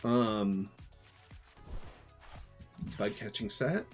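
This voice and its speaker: A man's voice: on the low side, extremely slow, soft background music. A man casually commentating his own online card game, muttering to himself and chuckling often. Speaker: streamer playing a card game.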